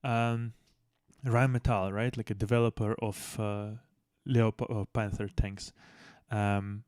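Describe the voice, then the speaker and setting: A low-voiced profane man commentating. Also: little pitch movement, slow, a little mellow, smooth, no room sound, clean studio sound. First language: not English. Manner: blunt, swears heavily, trails off and restarts. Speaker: commentary channel host. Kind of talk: casual profane news commentary.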